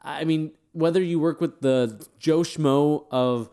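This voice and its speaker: A man's voice: on the high side, takes it slowly, mellow, clear, resonant tone. A man giving casual, opinionated commentary on a wrestling event, rambling with fillers and sounding tired. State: tired, yawning. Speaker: wrestling show reviewer.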